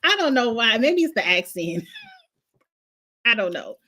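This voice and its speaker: A woman's voice: a little high, very animated, a little slow, bright, forceful tone. Woman ranting about reality tv, blunt and opinionated, cusses a lot, aave. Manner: blunt, opinionated, swears freely. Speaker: host. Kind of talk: casual reality TV recap.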